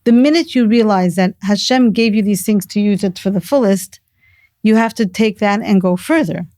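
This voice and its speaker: Middle-aged woman chatting earnestly, warm mellow tone, dry close mic. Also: medium pitch, moderate pace, no room sound. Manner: earnest, storytelling, sprinkles Hebrew and Yiddish words. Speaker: guest, mother of the host. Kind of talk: casual conversation.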